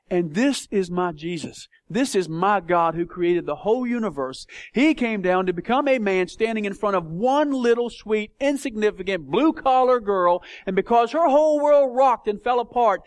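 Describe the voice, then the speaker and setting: Pastor, male, high voice, dry close sound, impassioned, emphatic sermon delivery. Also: no room sound. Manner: passionate, emphatic preaching with big swings in intensity.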